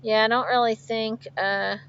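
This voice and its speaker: A woman's voice: fairly high pitch, steady tone, a little slow, a bit bright, clean tone. A woman truck driver from outside chatting casually on a livestream, answering viewers' questions with frequent laughs. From outside Philadelphia. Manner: chatty, laughs often, reads viewer comments aloud. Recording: dull lo-fi stream audio.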